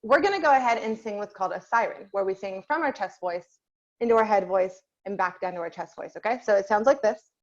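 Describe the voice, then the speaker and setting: A woman's voice: medium pitch, fast, muffled recording. Patient woman teaching an online voice class. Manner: patient, asks the class questions and waits. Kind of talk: online group voice lesson. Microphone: video call.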